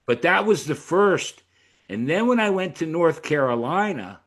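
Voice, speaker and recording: Animated, swearing middle-aged male host. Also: on the high side, unhurried. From York, Pennsylvania. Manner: animated storyteller, swears casually. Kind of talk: casual interview chat.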